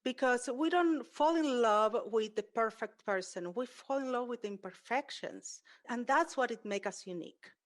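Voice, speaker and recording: A woman's voice: a little high, moderate pace, few pauses. Woman host, native Spanish speaker. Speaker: podcast host. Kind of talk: conversational interview.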